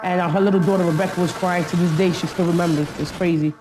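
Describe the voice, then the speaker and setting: A woman's voice: fairly low pitch, steady tone, quick pace, darkish tone, a little hiss or hum. A middle-aged woman recounting her past in a documentary interview, blunt and full of street slang. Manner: blunt street slang, frequent "you know what I'm saying".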